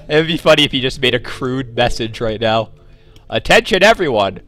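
A man's voice: mid-range voice, fairly bright tone. A young man hosting a gaming video, giving sarcastic, jokey running commentary as he plays. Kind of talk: joking let's-play commentary.

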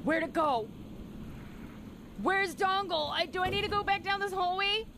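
A woman's voice: very high-pitched, moderate pace, fairly bright tone, slight background noise. A woman streamer, giving jumpy live commentary on a horror game, shrieking in fright and chatting with her viewers.

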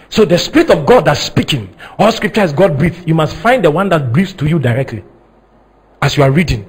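A man with a husky voice preaching a sermon, dramatic, moving from slow, soft teaching to high, shouted emphasis. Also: expressive, rough recording. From Ghana. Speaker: prophet preaching.

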